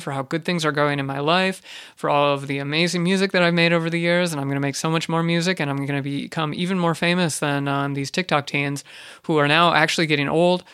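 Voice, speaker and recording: Deadpan rambling male podcaster. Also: a little high, clean tone, no echo, studio quality. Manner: rambling deadpan with many fillers and restarts. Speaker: podcast host. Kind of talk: ironic comedic monologue.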